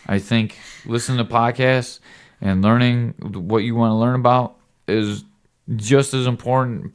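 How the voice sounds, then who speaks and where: Low-voiced dad giving an earnest lecture. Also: male voice, smooth. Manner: earnest and rambling, often tagging "right?"; lecturing, occasional cussing. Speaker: podcast host talking with his son. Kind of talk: casual fatherly lecture.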